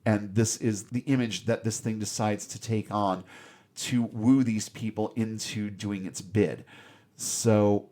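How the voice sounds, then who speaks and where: A man's voice: on the low side, steady tone, slow, mellow. A man co-hosting a podcast, retelling a film scene in a wry, sarcastic way with mocking asides. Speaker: podcast co-host. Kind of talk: casual film review chat.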